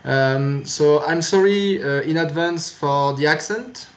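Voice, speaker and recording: A man's voice: a little high, takes it slowly. A man with a French accent, a native French speaker, giving a recorded university lecture in a hesitant, patient way with many fillers and restarts.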